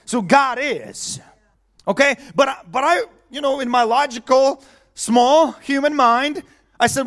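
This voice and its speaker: High-voiced man preaching a sermon. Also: measured pace, fairly bright tone. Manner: conversational, chuckling, asks the audience questions.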